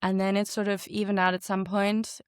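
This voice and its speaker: A woman voice actor, by birth, talking in a chatty, animated way in a casual interview. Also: medium pitch, normal speed, smooth, dry recording, studio quality. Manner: chatty and animated, laughs often. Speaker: voice actor guest.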